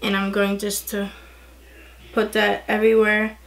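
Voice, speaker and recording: A young woman chatting excitedly through a casual makeup tutorial, gushing over the products. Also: medium pitch, unhurried. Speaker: beauty vlogger.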